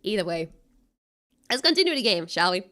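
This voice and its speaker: A young woman with a Finnish-tinged American English accent chats casually while gaming as a VTuber streamer. Her medium-pitched voice swings widely in pitch and sounds brisk, pushed, and bright. She rambles, giggles, and thinks aloud with plenty of fillers.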